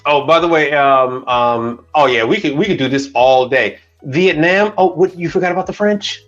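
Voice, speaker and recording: Faint music sits behind a middle-aged man ranting on his livestream from Houston, Texas. His voice is on the high side and a bit bright, at normal speed, with the highs cut off. He's blunt and profane, arguing back at his chat.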